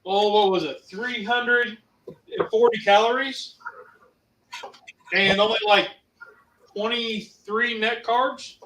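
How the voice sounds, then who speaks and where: A man from Ohio co-hosting a casual cooking show, talking in a rambling, halting way with many fillers. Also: high voice, steady tone, bright, forceful tone. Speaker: co-host. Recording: roomy sound, mic at a distance.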